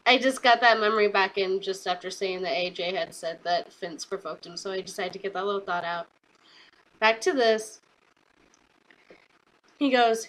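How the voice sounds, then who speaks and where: A young woman getting over a cold who chats casually through a recap of a wrestling show, filling her talk with "like" and retelling scenes with excitement. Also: a little high, moderate pace, poor audio.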